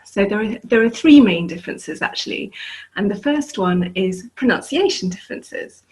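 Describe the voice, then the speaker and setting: A woman with an English accent, an ESL teacher explaining language differences in a clear, deliberate way and demonstrating how words sound. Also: mid-range voice, expressive, darkish tone, low-quality recording. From England.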